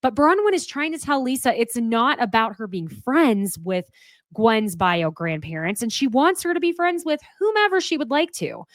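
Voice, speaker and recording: A woman giving a casual, opinionated recap of a reality show, candid and quick to swear. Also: fairly high pitch, expressive, dry recording.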